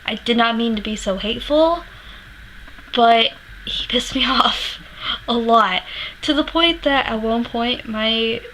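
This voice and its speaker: A woman's voice: a little high, slow, a bit bright, a little hiss or hum, poor audio. A young woman telling a concert story in a casual vlog, candid and rambling, swearing freely and laughing often. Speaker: music vlogger.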